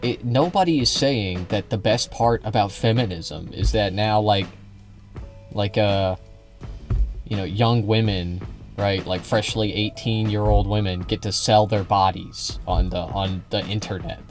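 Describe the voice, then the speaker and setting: A man reacting to a clip with slow, sarcastic, halting commentary. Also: on the low side, faint music behind.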